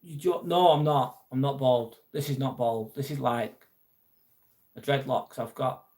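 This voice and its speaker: A man's voice: mid-range voice, steady tone, measured pace, darkish tone. A man hosting a live vlog, casually reading out viewer comments and answering them. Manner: chatty, reads comments aloud and answers viewers. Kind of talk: casual live-stream chat.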